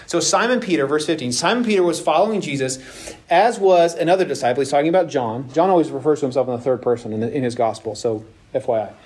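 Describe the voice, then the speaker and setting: A man teaching a casual Bible lesson to young adults, retelling the story with lively acted-out voices. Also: a little high, fast talker. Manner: animated storytelling, acts out voices with laughs.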